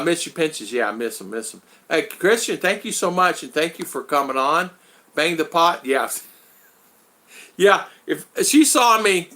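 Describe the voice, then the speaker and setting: A man hosting a casual live stream, rambling and thanking his viewers one by one, his voice going hoarse after hours of talking. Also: on the high side, pushed and bright.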